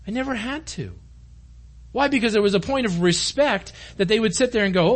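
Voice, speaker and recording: A man's voice: very high-pitched, brisk. A man preaching a conversational sermon to his congregation in a church room, earnest and direct. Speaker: pastor.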